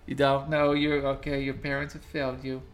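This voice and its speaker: A man's voice: medium pitch, monotone, a little fast, voice pushed up, natural voice. A man voicing a fussy, middle-aged small-town woman nurse with a New England accent. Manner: flustered, bureaucratic.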